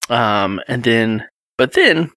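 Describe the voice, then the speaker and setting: A man in his thirties tells a story in a lively, up-and-down voice with a bright, forceful tone. He reads passages aloud and chuckles along the way. The sound is close and dry. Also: medium pitch, slow pace, no echo. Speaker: podcast co-host. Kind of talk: casual chat retelling a gamebook read with his child.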